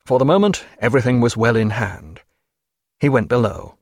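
A man reading an audiobook with steady, vivid storytelling. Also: medium pitch, moderate pace, vocal fry, dry recording, clean studio sound. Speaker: narrator. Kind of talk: audiobook narration.

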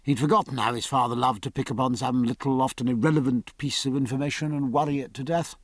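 Reading an audiobook, a man tells the story in a measured, expressive way. His voice is mid-range, and the recording has a dry sound.

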